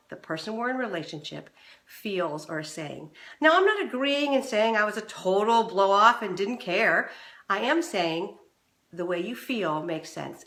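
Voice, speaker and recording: A middle-aged woman hosting a relationship advice show, talking straight to the viewer and acting out the voices she quotes. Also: roomy sound. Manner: animated, acts out quoted voices with big pitch swings. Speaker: relationship coach and show host. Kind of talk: direct-to-camera advice talk.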